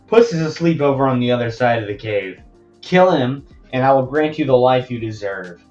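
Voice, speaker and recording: A cunning villain coaxes with smooth promises, voiced by a man reading his story. The pitch sits a little above his plain talk. A muffled home mic and faint music frame it. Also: expressive, normal speed, darkish tone, lightly acted. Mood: coaxing. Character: cunning male dealmaker villain.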